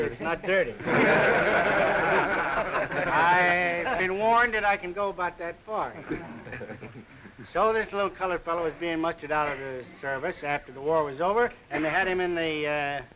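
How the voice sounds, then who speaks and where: Joking, modest actor from New York. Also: male voice, fairly high pitch, normal speed, background noise. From New York City. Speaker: actor being interviewed. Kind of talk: casual interview.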